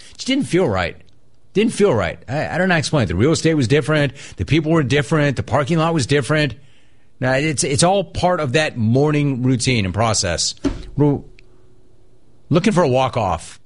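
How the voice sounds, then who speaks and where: A middle-aged man hosting a call-in radio show, chatting casually and riffing on his pet peeves. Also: brisk. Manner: animated, mocks people in a high put-on voice.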